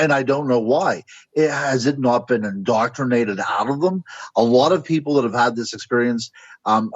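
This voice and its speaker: A man's voice: mid-range voice, breathy edge, no room sound, lo-fi sound. A man from the United States, a guest on a radio interview, musing and speculating as he searches for words. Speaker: guest author and paranormal researcher.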